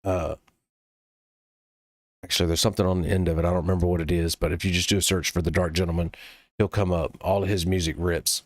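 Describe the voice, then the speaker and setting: Deep voiced guy rambling thru a late night demo, uh's everywhere, bone dry sound. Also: little pitch movement, no room sound. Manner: rambling and loose, casual cursing, many "uh" pauses. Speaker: developer demoing his own app. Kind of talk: casual late-night screen-recording talk.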